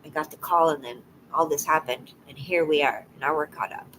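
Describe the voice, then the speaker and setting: Teary and emotional, a woman chats casually with viewers on a livestream in a deep voice, speaking haltingly and softly and often trailing off into a whisper. The audio is poor, with slight background noise.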